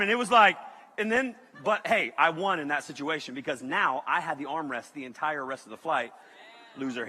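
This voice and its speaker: A man giving a comic, animated sermon story with sudden shouted bursts and laughter. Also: a little high, in a large hall. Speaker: youth speaker.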